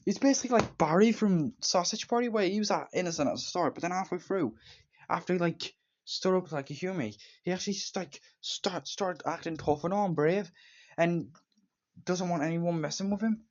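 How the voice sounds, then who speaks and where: A man's voice: sits high, moderate pace. A man giving a casual, rambling movie review, stringing scenes together with "and then" and now and then putting on silly voices for the characters. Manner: briefly acts out characters' lines with silly voices. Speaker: film reviewer. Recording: slightly dull lo-fi sound.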